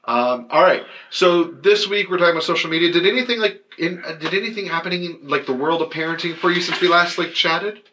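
A man's voice: on the high side, quick pace, few pauses, bright, forceful tone, a little hiss or hum. A man hosting a podcast, joking and loose in casual chat, with lots of fillers. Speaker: podcast host, comedian.

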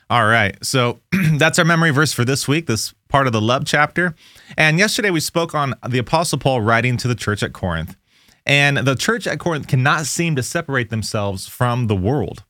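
A man's voice: medium pitch, lively intonation, normal speed, pushed and bright, no room sound, studio quality. A man hosting a Bible study podcast, explaining Scripture in an earnest, casual way and reading verses aloud. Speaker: podcast host teaching Scripture.

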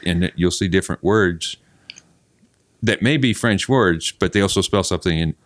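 A man's voice: sits low, moderate pace. A man co-hosting a casual podcast chat, telling easygoing anecdotes.

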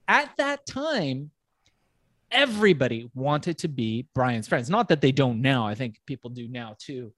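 A man telling a long animated story as a podcast guest, swearing freely and breaking into laughter. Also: a little high, dry recording, studio quality. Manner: profane, animated, quick laughs.

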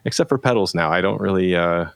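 A man's voice: low voice, fast talker, creaky, clean tone, dry recording. A middle-aged man, a guest, telling a rambling casual story and acting out quoted lines. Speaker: guest, pedal company founder.

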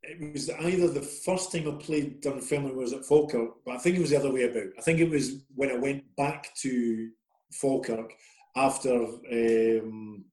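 A man's voice: medium pitch, fairly even intonation, moderate pace, dark tone. A middle-aged Scottish man, a former footballer being interviewed, telling self-deprecating, rambling stories in a casual way. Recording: roomy echoey sound.

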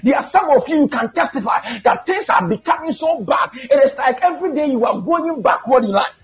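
Male preacher, very high animated voice, shouts and stretches out scripture; muffled church recording. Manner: shouting, drawn-out emphatic Bible quotes. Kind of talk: fiery sermon. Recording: dull lo-fi church recording with faint music.

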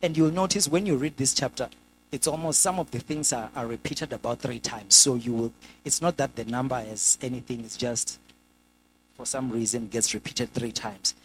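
A man preaching a sermon in a lively way, acting out the people in the scripture. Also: normal speed, poor audio. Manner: lively, acts out scripture characters with sudden pitch jumps.

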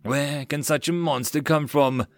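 A man's voice: fairly high pitch, fairly even intonation, measured pace, no echo, voice pushed up. A man voicing a shrewd, blunt female fleet master in a matter-of-fact way. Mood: firm.

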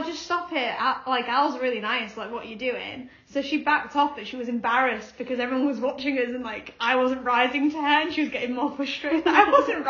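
A young woman with a high, bright-toned voice tells stories with lots of laughter. The sound is a bit dull and carries a roomy echo. She talks casually as a podcast co-host. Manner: animated storytelling, laughs often. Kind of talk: casual chat. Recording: echoey room, slightly dull sound.

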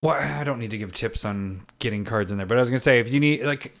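A man talking cards with a friend in a loose, joking way. His voice sits at an everyday middle pitch, and he laughs often. His sentences often trail off or change course partway through. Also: fast, gravelly, a bit bright. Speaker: podcast co-host. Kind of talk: casual chat about a card game.

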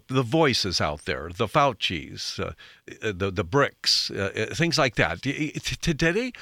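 A man's voice: mid-range voice, sharp tone, no echo, clean studio sound. A man giving a folksy, rambling talk show monologue as host. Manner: folksy, rambling, self-correcting.

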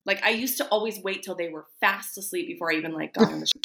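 A woman speaking as a podcast guest in casual conversation, candidly sharing stories and acting out her own past thoughts in a higher voice. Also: racing, gravelly, background noise. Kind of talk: casual chat.

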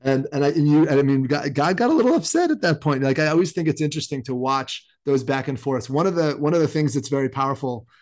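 A married man co-hosting a casual podcast chat, thinking aloud about scripture with many restarts and animated asides. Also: on the high side, fast talker, few pauses. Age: adult, married. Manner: rambling, self-interrupting, animated. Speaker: podcast co-host.

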